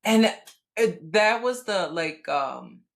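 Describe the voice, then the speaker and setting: A woman in her thirties co-hosting a podcast, telling a personal story in casual chat, blunt and profane, with animated outbursts. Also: lowish voice, slow, vocal fry. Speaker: podcast co-host.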